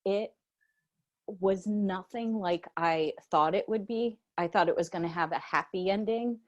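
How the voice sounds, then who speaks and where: A woman co-hosting a casual chat, telling a story in a slangy, animated way and jumping high in pitch when she quotes herself. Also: unhurried, dull audio. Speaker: podcast co-host.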